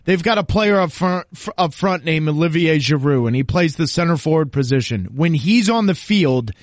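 A man's voice: fairly high pitch, lively intonation, normal speed, no room sound, clean studio sound. A man talking soccer on a podcast as an analyst guest, emphatic and confident as he explains at length. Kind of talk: casual podcast chat.

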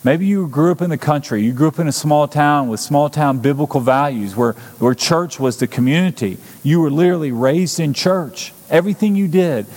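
A man's voice: on the high side, moderate pace, hardly any pauses, darkish tone. Earnest preacher man in a reverberant hall. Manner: earnest, urgent preaching with repeated phrases. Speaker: pastor. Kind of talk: sermon.

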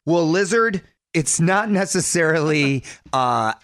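A man's voice: fairly high pitch, lively intonation, takes it slowly, a bit bright, no echo. A middle-aged man hosting a radio show from a studio, talking in an upbeat, playful, joking way. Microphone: studio microphone.

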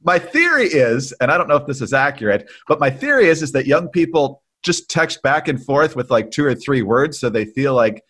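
A man co-hosting a political podcast, chatting in a wry, lively way. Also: medium pitch, moderate pace, slightly rough. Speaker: podcast co-host. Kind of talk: casual political podcast chat.

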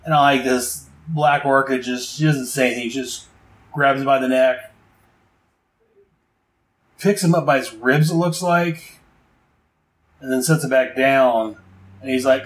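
A man's voice: mid-range voice, moderate pace, pauses often, reverberant, rough recording. Rambling man recapping a comic. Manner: rambling, fillers, enthusiastic asides. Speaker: comic book reviewer. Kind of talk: casual recap and commentary.

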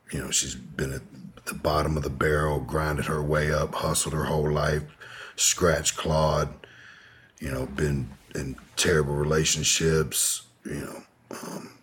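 Very deep husky-voiced man. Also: flat delivery, measured pace, fairly bright tone. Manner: laid-back, profane, rambling with fillers. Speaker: podcast guest. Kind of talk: casual storytelling in an interview.

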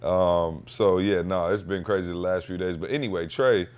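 A man hosting a podcast, telling a casual, slangy story with lively energy and acting out what people said. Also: sits low, moderate pace, clean tone. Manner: animated storyteller, slangy, acts out quotes. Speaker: podcast host; father.

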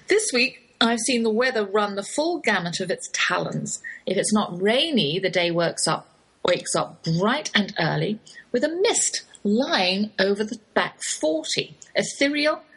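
A woman's voice: mid-range voice, animated, measured pace, a bit bright, slightly rough, low-quality recording. A woman with an English accent hosting a chatty radio talk show, wry and full of British turns of phrase. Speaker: host. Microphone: studio microphone in a home office.

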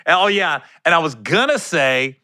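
A man tells a long story in casual, animated chat, often stopping to correct himself. His voice is bright and crisp, slightly higher than most men's, and it is recorded close and dry. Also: normal speed, no room sound.

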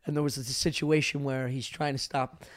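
A man co-hosting a casual comedy podcast, telling crude, animated stories with frequent laughter. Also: medium pitch, normal speed. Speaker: podcast co-host.

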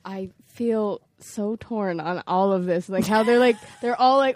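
A woman's voice: mid-range voice, steady tone, measured pace, hardly any pauses, darkish tone, no room sound. A woman guest on a casual podcast, hesitant and searching for her words. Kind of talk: casual chat.

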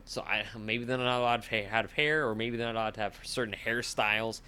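Bright-voiced man ranting about sports. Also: fairly even intonation, brisk, smooth. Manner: opinionated, exasperated rants, rising pitch when heated. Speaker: sports talk host. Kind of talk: casual sports chat.

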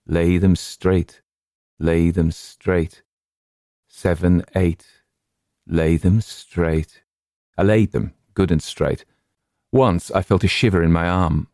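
A man narrates a horror tale in a hushed, measured way, lingering on the chanted rhyme lines. His voice sits very low with a warm, dark tone. The recording is dry and close, with no room sound. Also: dry recording. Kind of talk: storytelling reading of a horror tale.

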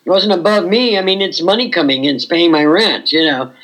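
A woman's voice: fairly low pitch, fairly quick, a bit bright, poor audio. An older woman, a former burlesque performer, reminiscing frankly in a chatty interview and often saying "you know".

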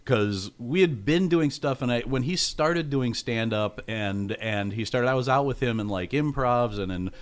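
A comedian telling profane, animated anecdotes on a podcast, laughing often. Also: male voice, medium pitch, moderate pace, few pauses. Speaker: guest comedian.

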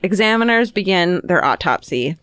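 A woman's voice: fairly low pitch, animated, moderate pace, a bit bright, dry recording, clean studio sound. A woman co-hosting a podcast, telling grim true stories in casual chat, swearing freely and acting out quotes with laughs. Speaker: podcast co-host telling the story.

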